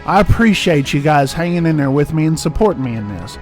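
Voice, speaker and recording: A man's voice: fairly high pitch, expressive, fairly quick, faint music behind. An American man hosting his trucking channel, ranting with passion and hammering his points home by repeating them. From United States. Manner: passionate, emphatic, repeats himself for stress. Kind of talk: ranting vlog monologue.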